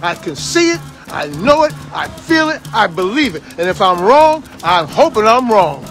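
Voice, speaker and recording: A man's voice: sits high, very animated, normal speed, a bit bright, soft background music. A man in his sixties from Washington, D.C., giving a fiery, preachy political monologue and repeating phrases for emphasis. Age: 60s.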